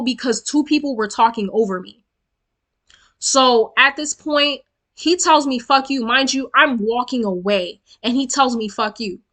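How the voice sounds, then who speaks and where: A young woman telling a heated storytime vlog, animated and swearing, constantly checking in with "right?". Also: a little high. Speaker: storytime vlogger.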